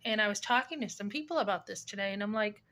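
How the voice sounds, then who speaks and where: A woman's voice: mid-range voice, quick pace. Rambling woman venting about family. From New Hampshire. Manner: animated, rambling, defensive storytelling with many fillers. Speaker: vlogger. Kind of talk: casual personal rant.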